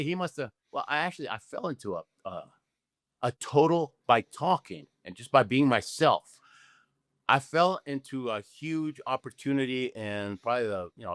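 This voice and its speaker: A man's voice: mid-range voice, no room sound. An older man from Argentina tells his story in an interview with lots of energy. He acts out both sides of conversations and keeps asking "okay?" and "right?". The recording is close and dry, with no room sound. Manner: animated storyteller, acts out dialogue, frequent "okay?" tag questions. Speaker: guest, Olympic luge athlete.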